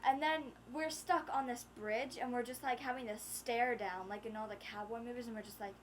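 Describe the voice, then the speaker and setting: A teenage girl vlogging with a friend, chatting casually and chiming in with quick asides. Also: fairly high pitch, steady tone, a little hiss or hum. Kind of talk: casual storytelling chat.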